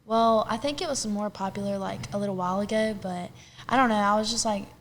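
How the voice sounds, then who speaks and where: A young woman chatting as a podcast guest, animated and talkative. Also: mid-range voice, brisk, slight background noise. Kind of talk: casual chat.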